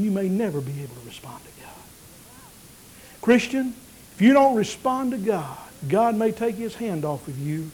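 A man preaching a sermon, building to emphatic peaks and then dropping low and quiet. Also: slightly rough, rough recording. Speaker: pastor.

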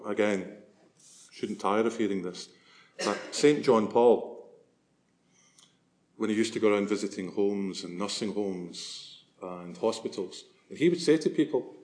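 A man's voice: lowish voice, a little mellow. A man preaching a sermon as a priest, earnest and swelling to emphasis on key phrases.

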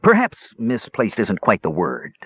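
A man's voice: lowish voice, huge pitch swings, unhurried, husky, heavily acted. A man voicing a sly, blustering dwarf gambler who stammers sheepishly, in an audiobook reading. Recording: dull lo-fi recording.

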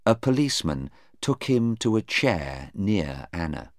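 A man narrating a graded-reader story in a slow, clear and careful way. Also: low-pitched, sing-song, dry recording, clean studio sound.

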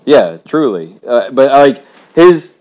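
A man's voice: medium pitch, big pitch swings, takes it slowly, darkish tone. A man co-hosting a podcast in casual chat, talking emphatically and giving strong opinions. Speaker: podcast co-host. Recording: dull lo-fi sound.

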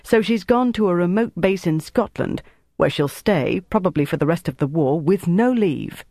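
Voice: mid-range voice, expressive, normal speed, darkish tone, dry recording, studio quality. An audiobook reader voicing a commanding young woman who leads a wartime team, firm and impatient. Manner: firm and bossy.

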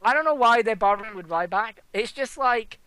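A woman's voice: a little high, animated, a little fast, over a noisy crowd. A woman co-hosting a casual wrestling chat, sarcastic and giggly, swearing freely. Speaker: wrestling podcast co-host.

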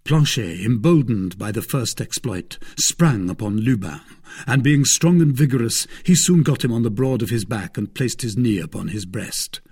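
Husky male storyteller, lively delivery. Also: medium pitch. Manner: measured, storytelling. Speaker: audiobook narrator. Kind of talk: scripted narration of a classic novel.

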